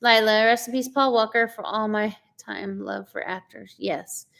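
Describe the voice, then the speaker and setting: A woman's voice: mid-range voice, fairly even intonation, normal speed, gravelly, a bit bright. A woman, chatting casually on a live stream, greeting viewers by name and laughing often. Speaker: co-host of a live chat stream.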